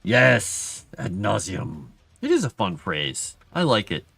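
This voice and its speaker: A middle-aged man hosting a livestream, chatting casually with his viewers and telling stories from his childhood in a self-deprecating way, with a higher pitch when he acts out what others said. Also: wildly swooping pitch, takes it slowly, vocal fry, pushed and bright, no room sound, soft background music. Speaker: livestream host. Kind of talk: casual storytelling to chat.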